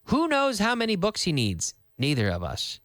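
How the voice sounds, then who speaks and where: Lively man teaching English. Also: high-pitched, moderate pace, dry recording, studio quality. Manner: lively, quizzing with questions and answers. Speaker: English teacher, radio host. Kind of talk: live English lesson. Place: radio studio.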